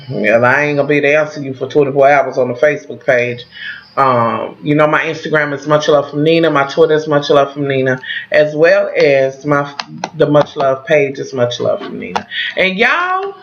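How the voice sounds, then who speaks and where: Profane, rambling woman vlogger, bright voice. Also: sits high. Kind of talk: casual vlog rant to viewers. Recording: dull lo-fi sound.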